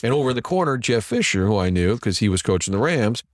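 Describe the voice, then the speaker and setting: A fairly low-pitched middle-aged man spinning casual anecdotes as a podcast guest. He talks like a seasoned TV sports director, lively and chatty, slipping into other people's voices as he quotes them. The sound is dry and close, with no room around it. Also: fast talker, dry recording. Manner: animated anecdote teller who acts out quotes. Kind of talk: casual storytelling interview.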